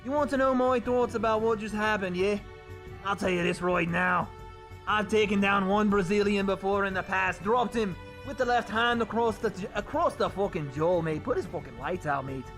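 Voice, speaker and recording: A man's voice: sits high, moderate pace, music in the background. A man voicing a brash, boastful Irish fighter with a put-on Irish accent, swearing and calling everyone "mate". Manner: loud swaggering bravado, swearing, tacking "mate" onto lines.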